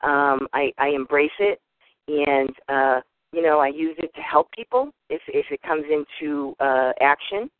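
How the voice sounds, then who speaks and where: A woman in her fifties with a Boston accent, from the Boston area, speaks casually on a group call. She tells her story in an animated way and acts out the voices of other people. The sound is narrow and phone-like, and very dry. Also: low voice, measured pace, dry recording. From Boston area, USA. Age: 50s. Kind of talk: casual personal introduction. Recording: tinny phone line, dry.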